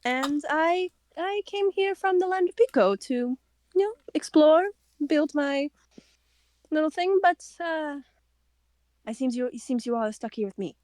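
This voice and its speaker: A woman's voice: on the high side, very animated, normal speed, long pauses, no room sound. A woman voicing a polite, slightly awkward young woman adventurer, speaking formally with hesitations.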